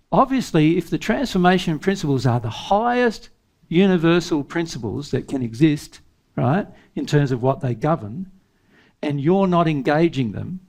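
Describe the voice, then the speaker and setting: Emphatic higher-voiced man teaching a seminar. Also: darkish tone. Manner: emphatic, rhetorical questions, chuckling asides. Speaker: spiritual teacher. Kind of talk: seminar talk.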